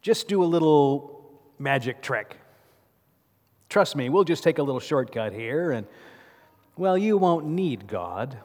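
A man preaching a sermon, voicing the devil as a smooth male tempter who coaxes slowly. It is heard in a large church. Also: a little high, expressive, a little mellow. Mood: coaxing. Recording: long church reverb.

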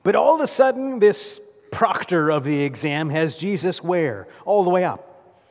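A man's voice: sits high, lively intonation, unhurried, a little mellow. Storytelling male preacher in a reverberant church. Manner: storytelling, with rhetorical questions. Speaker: pastor. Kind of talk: sermon.

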